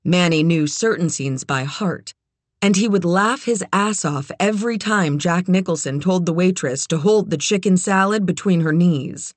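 An audiobook narrator reading a novel in even, measured scripted narration. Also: medium pitch, no echo.

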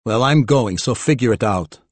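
A male audiobook narrator voicing a spoiled, brash young rich man who talks loudly and whines. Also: medium pitch, animated, moderate pace, no echo, natural voice. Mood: demanding. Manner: loud, whiny and boastful.

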